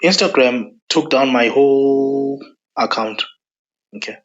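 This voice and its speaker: A man's voice: medium pitch, slow, faint music behind. A man delivers a heated political monologue. He hammers each point by saying it again and again. His voice sits in a middle register, and the recording sounds dull and lo-fi. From South Africa. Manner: forceful, repeats lines for emphasis. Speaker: political commentator. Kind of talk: angry monologue to camera.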